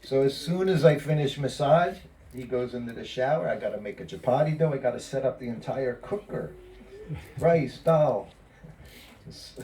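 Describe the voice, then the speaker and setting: A man's voice: medium pitch, slight background noise. A man casually telling anecdotes to a small group, laughing often and acting out what others said. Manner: laughs often, quotes others in lively asides. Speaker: former personal servant recalling memories. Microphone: phone or camera from a distance. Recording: distant phone recording.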